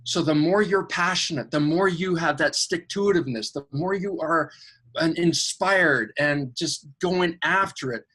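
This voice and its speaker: A man, a podcast guest and coach, telling an animated story about angels and synchronicity with enthusiasm. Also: a little slow, breathy edge. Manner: acts out angels' voices in a higher, excited tone; enthusiastic, spiritual coaching talk.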